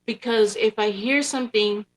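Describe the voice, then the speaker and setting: A woman's voice: a little high, normal speed, a little hiss or hum. A woman with an Oakland Bay Area accent, earnestly explaining herself in a casual podcast discussion, often restarting her sentences.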